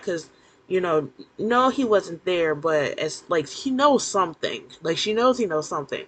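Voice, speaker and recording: A woman casually recapping a TV episode to the camera, animated and incredulous, with plenty of fillers and laughs. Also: on the low side, low-quality recording.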